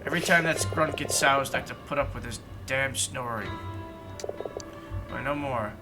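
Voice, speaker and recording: A man voicing a gruff male frog pirate jailer in a video game, reading the lines curtly over game music. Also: mid-range voice, normal speed, close to an everyday voice, poor audio. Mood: grumbling.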